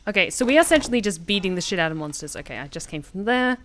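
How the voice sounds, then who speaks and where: A woman's voice: mid-range voice, animated, rapid-fire, a bit bright, a little hiss or hum. A woman streamer giving casual, swear-filled gaming commentary from her desk. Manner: chatty, swears freely, reacts aloud. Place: home desk with keyboard.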